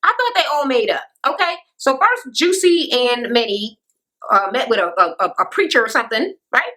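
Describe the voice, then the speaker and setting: A woman recapping reality TV on her vlog in a casual, ranting style. Her voice sits a little high and sounds bright and sharp. She talks bluntly, swears freely and throws sarcastic asides at the viewer. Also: very animated, moderate pace, rough recording. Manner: blunt, sassy and heavily profane.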